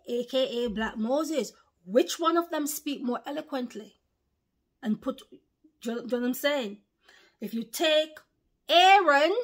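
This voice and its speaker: A woman's voice: high voice, fairly bright tone. A woman preaching informally to an online audience, emphatic and fond of rhetorical questions and repeated phrases. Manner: reads out viewer names one by one. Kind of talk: informal religious teaching to camera.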